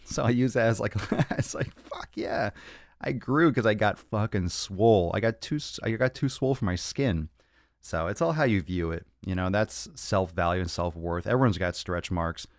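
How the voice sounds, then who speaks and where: A man's voice: fairly low pitch, normal speed, no room sound. A young man hosting a fitness podcast livestream Q&A, brash and profane, joking as he answers viewer questions from his home studio. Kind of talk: casual livestream Q&A. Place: home studio with monitors and cameras.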